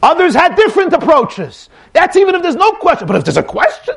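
A man's voice: extremely high pitch, wildly swooping pitch, a little fast, creaky, a bit bright. A man giving a dramatic religious lecture, acting out dialogues with rising emphasis. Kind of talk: animated Torah lecture with acted dialogue.

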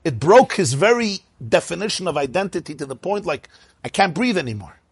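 A man with a somewhat high, husky voice teaches a Talmud class. His pitch swings widely as he tells the story, breaking into laughing asides and mixing Hebrew and Yiddish terms into his English. The sound is dry and close. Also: very animated, brisk, no room sound. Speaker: Torah teacher.

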